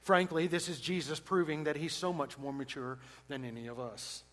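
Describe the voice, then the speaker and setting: Male preacher, fairly high-pitched, emphatic, loud-to-soft dynamics. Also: fairly even intonation, moderate pace, low-quality recording. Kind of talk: sermon.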